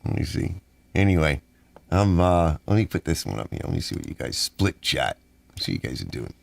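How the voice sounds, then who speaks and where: A middle-aged man from the United States hosting a rambling live stream, grumbling and animated as he reads chat aloud. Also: a bass voice, fairly quick, vocal fry, no room sound.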